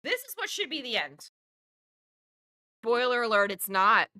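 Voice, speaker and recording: A woman with a fairly high, bright voice hosts a casual podcast and retells a film scene by scene. She talks in an animated way, swears freely and slips into quick character voices as she goes. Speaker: podcast host. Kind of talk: casual movie review chat.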